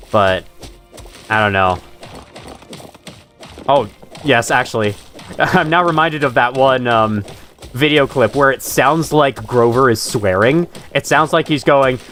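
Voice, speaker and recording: A man's voice: mid-range voice, fairly bright tone. A young man chatting and laughing while playing a game live, talking to the creatures on screen. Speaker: streamer. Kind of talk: live gameplay commentary. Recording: faint music in background.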